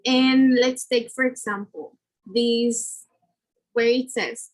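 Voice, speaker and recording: A woman student presents a lesson slowly in a fairly high voice with a steady tone, explaining step by step with fillers and self-corrections. The recording quality is low.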